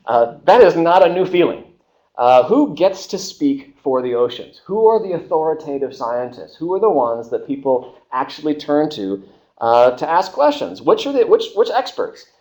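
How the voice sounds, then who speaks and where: A man's voice: fairly high pitch, normal speed. A man giving a university history seminar, speaking with lots of "uh" fillers and restarts and briefly acting out the people he quotes. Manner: animated, acts out quoted voices, many filler uhs and restarts. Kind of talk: university lecture.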